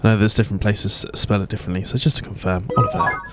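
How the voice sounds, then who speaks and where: A man's voice: lowish voice, wildly swooping pitch, very fast. A man narrating his own game playthrough in a chatty, rambling way, often correcting himself. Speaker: let's play host. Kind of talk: gaming commentary. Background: game music.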